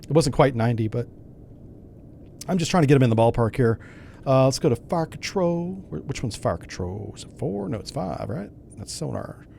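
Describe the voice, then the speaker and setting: A man's voice: medium pitch, expressive, a little fast, gravelly, dark tone, slight background noise. A man hosting a gaming channel, giving casual gameplay commentary and thinking aloud in a wry, self-mocking way.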